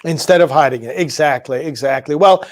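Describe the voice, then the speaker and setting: A man's voice: fairly high pitch, brisk. A man, a priest, hosting an interview and affirming his guest with short agreeing replies.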